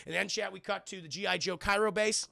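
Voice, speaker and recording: Gravelly, excitable male streamer. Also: high-pitched, fast talker, no echo, studio quality. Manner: excitable, profane, frequently addresses the chat. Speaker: streamer and film reviewer. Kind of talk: casual film recap to a live chat.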